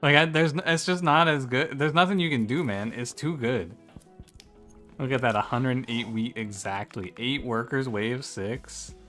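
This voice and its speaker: Bright-voiced man streaming a game. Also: mid-range voice, moderate pace. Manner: chatty, swears freely, laughs while talking to chat. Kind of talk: casual live-stream chat. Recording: faint music behind the voice.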